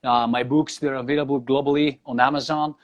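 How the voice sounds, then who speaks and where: A man's voice: medium pitch, little pitch movement, a little fast, lo-fi sound. A man from Greece with a Greek accent, a guest guitarist speaking English in a casual interview, earnest and thankful, often restarting his sentences. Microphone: video call or live stream.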